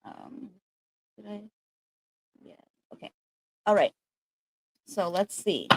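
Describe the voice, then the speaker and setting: A woman's voice: medium pitch, big pitch swings, slow, very noisy. A woman hosting a casual spiritual livestream, chatting in a rambling way full of fillers, recorded on a laptop.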